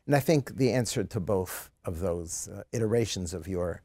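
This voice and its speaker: Man, seminar lecturer, dramatic reading, lively swooping intonation. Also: low-pitched, moderate pace. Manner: animated, dramatic storyteller's delivery.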